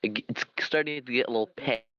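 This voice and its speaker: A man playing his character in a tabletop game, speaking slowly and firmly. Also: medium pitch, pushed and bright, no room sound, lo-fi sound. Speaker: player.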